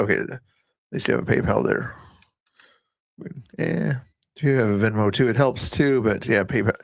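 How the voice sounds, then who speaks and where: A man's voice: medium pitch, creaky, dry recording. A man hosting a casual livestream, rambling and often breaking off mid-sentence. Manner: rambling, self-interrupting. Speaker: livestream host.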